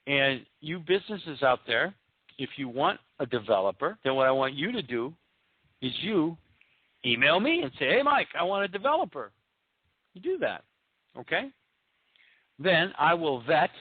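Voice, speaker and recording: Man, business podcast host, lively swooping pitch, dry tinny phone-line sound. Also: normal speed, long pauses, breathy edge, dry recording. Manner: emphatic, repetitive, rhetorical questions. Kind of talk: motivational business talk.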